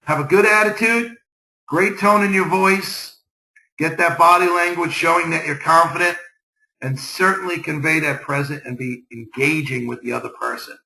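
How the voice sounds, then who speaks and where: Man, motivational business presenter, upbeat exhortations, forceful bright tone, roomy echo. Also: a little high, moderate pace, creaky.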